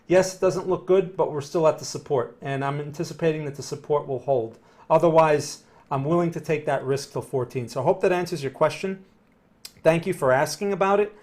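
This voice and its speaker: A man giving casual live-stream chart analysis and answering viewer questions, thinking aloud with frequent "right?" and "okay?". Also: a little high.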